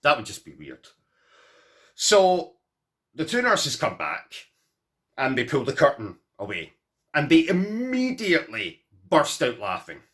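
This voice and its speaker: A man's voice: on the high side, wildly swooping pitch, a little slow, pauses often, fairly bright tone. A man vlogging, telling a comic personal story to camera in a rambling, self-mocking way full of asides.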